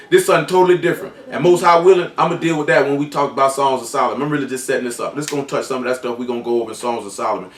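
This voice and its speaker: Echoey, distant preacher, raised voice. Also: male voice, mid-range voice, rapid-fire, few pauses, slight background noise. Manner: reads scripture aloud, then explains it in loose colloquial speech. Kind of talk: sermon.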